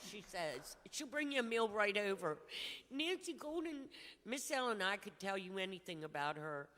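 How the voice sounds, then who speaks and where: A woman's voice: medium pitch, big pitch swings, moderate pace, fairly bright tone. A woman giving an impromptu, rambling and emotional tribute in church, joking as she goes. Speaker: congregation member giving a tribute. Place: church hall. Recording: echoey church hall.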